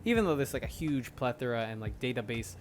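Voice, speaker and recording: A man's voice: mid-range voice, lively intonation, fast, soft background music. Rambling young man hosting a solo podcast. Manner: rambling, laughs often, many restarts and fillers. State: out of breath. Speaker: podcast host. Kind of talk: casual solo podcast monologue.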